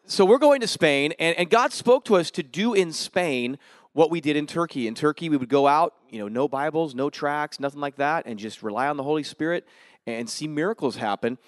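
Man, missionary speaker, church testimony, lively storyteller, dry close sound. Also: fairly high pitch, no echo. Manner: lively, quick storyteller acting out dialogue. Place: church service.

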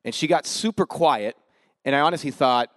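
A man, a visiting missionary, telling a story to a church congregation in a quick, lively way and acting out the dialogue. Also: fairly high pitch, dry recording. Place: church service.

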